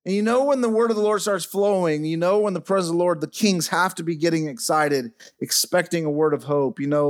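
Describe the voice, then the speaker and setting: A middle-aged man preaching a sermon as pastor in a church, dropping soft and low as he speaks over piano. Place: church sanctuary. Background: faint piano playing.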